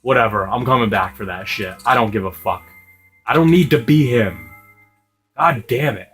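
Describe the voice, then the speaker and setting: A man's voice: on the low side, a little fast, a bit bright, slightly rough, faint music behind. A young man casually telling a rambling, profane story while playing a video game, laughing now and then. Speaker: gaming video host.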